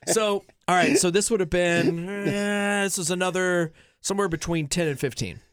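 A man's voice: sits high, moderate pace, clear, resonant tone, no echo, studio quality. A man co-hosting a podcast in casual chat, telling stories with many restarts. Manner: rambling storyteller, many restarts. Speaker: podcast co-host.

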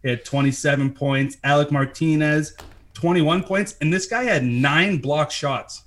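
A man's voice: fairly high pitch, a little slow, a bit bright. A man co-hosting a sports podcast, teasing his friends, laughing and swearing in casual banter. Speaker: podcast co-host.

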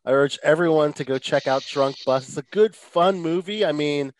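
A man's voice: a little high, moderate pace. A man hosting a podcast, enthusiastic and laughing easily while interviewing his guests. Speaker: podcast host. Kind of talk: casual interview chat.

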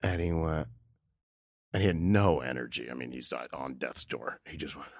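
Brief: low-pitched man in his forties, candid emotional storytelling, halting and restarting, dry close sound. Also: gravelly, dry recording. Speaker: interview guest, comedian.

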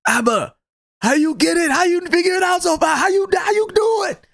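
A man putting on a high, eager African-accented trainee. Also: a little fast, vocal fry, exaggerated voice. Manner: eager, high-pitched, shouty. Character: excitable young male truck-driving student.

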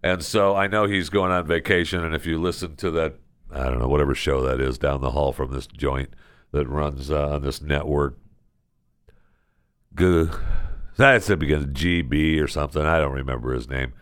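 Male talk host, very low voice, dry studio sound, sarcastic ranting monologue. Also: normal speed, smooth, no room sound. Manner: ranting, sarcastic, lively swings in pitch. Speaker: radio show host. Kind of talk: casual opinion monologue.

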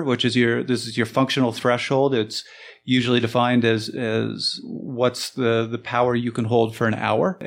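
A man, a coach guest on a podcast, explaining in a halting way with restarts. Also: mid-range voice, gravelly. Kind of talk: conversational explanation.

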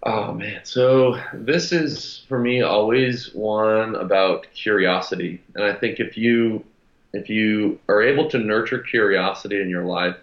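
A man telling a story as a podcast guest, reflective and halting, with frequent restarts. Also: fairly low pitch. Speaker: podcast guest, gym founder. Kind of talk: casual storytelling interview. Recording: roomy, dull sound.

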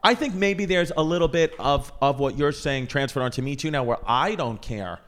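A man's voice: on the high side, moderate pace, fairly bright tone. Joking, teasing man on a podcast. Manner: joking, teasing, laughs often. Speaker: podcast host. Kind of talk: casual podcast chat.

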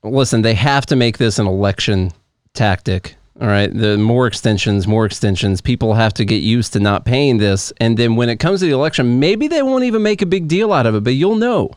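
A man's voice: medium pitch, animated, brisk, darkish tone, clean tone, no echo, clean studio sound. A man co-hosting a podcast in casual chat, reading news articles aloud and walking through a chart with offhand asides. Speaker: podcast co-host.

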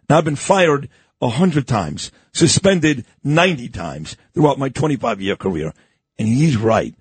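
A man's voice: medium pitch, a little slow, slightly rough, no echo. A man hosting a radio interview in a studio, chatty and open. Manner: animated, chatty, confessional. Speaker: radio host. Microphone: studio microphone.

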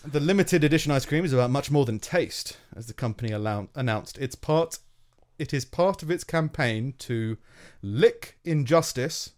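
A man's voice: medium pitch, lively intonation, moderate pace, few pauses. A man co-hosting a podcast in casual chat, sarcastic and swearing, often laughing while mocking what he reads out. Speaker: podcast co-host.

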